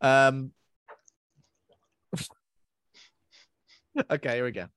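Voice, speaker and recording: A man's voice: medium pitch, drawn-out words, a bit bright, smooth, no room sound, studio quality. A man hosting a podcast in a casual chat, giggling and mocking himself as he stumbles over his words. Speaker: podcast host.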